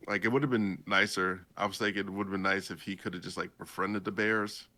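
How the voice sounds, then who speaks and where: A man's voice: sits low, fairly even intonation, brisk, pushed and bright. A young man hosting a podcast, casually recapping a story in a rambling way, laughing as he goes. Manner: rambling, laughs while he tells it. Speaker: podcast host.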